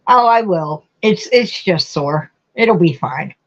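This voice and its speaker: A middle-aged woman chats slowly and fondly with her livestream viewers, calling them honey and getting emotional. Her voice sits a little low, and the stream audio is dull and lo-fi. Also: animated. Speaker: livestream host. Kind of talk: casual chat reading viewer comments.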